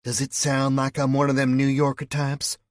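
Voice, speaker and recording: A man's voice: medium pitch, monotone, normal speed, dry recording, studio quality, pitched above the performer's own voice, lightly acted. A man voicing a flirty, sarcastic woman from West Virginia with a West Virginia accent and a mocking, teasing drawl.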